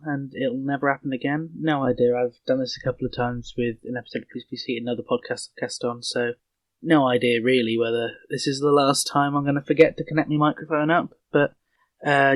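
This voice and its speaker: A man's voice: mid-range voice, no echo. A man co-hosting a podcast, speaking casually and apologetically through a poorly connected, tinny webcam-type microphone. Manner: apologetic, rambling with fillers. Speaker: co-host. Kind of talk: casual spoken announcement.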